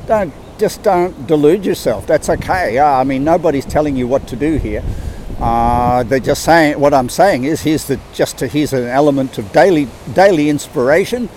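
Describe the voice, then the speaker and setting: A man's voice: a little high, moderate pace, darkish tone, a little hiss or hum, low-quality recording. An older man gives an earnest, rambling motivational talk as a life coach, restarting his sentences and acting out little quotes. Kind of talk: motivational monologue.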